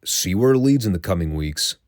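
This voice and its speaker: A man's voice: sits low, animated, fairly quick, a little mellow, no room sound, studio quality. A man hosting a show, giving a casual, wry recap of old wrestling episodes and swearing now and then. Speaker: podcast host reviewing classic wrestling.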